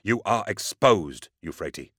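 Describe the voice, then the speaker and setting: A man voicing a grim, dutiful male warrior captain who speaks in a firm, deliberate, commanding way. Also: deep voice, animated, pushed and bright, no room sound, studio quality, heavily acted. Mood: resolute.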